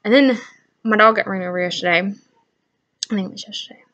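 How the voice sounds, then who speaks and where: A woman's voice: medium pitch, normal speed, fairly bright tone, lo-fi sound. A young woman chatting casually on her own vlog, rambling through funny stories about kids and laughing as she goes. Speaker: channel owner.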